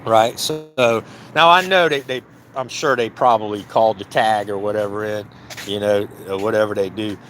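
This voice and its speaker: A man's voice: fairly low pitch, moderate pace, fairly bright tone, slight background noise. A man tells, heated and indignant, how the police stopped him at his work site, acting out both sides of the exchange. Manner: heated, indignant, repeats "I said" while reenacting a dialogue. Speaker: business owner recounting a police stop. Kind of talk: casual storytelling to camera. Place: outdoors by a work trailer near a building.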